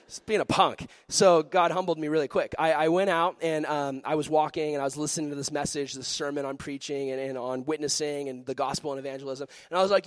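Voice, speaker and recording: A young man, a former youth pastor, telling comic faith stories in a self-mocking, animated way. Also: a little high, quick pace, dry recording, studio quality. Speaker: former junior high pastor. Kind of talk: comedic storytelling testimony.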